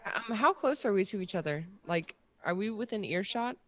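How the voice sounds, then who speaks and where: A woman's voice: medium pitch, expressive, moderate pace, fairly bright tone. A woman playing a tabletop game, asking curious follow-up questions. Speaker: player. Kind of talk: casual in-character play.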